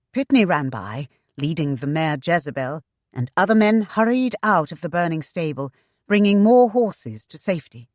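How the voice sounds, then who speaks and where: Audiobook narrator: woman, low-pitched, very slow, dry close recording. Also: expressive, darkish tone, no room sound. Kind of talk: scripted narration.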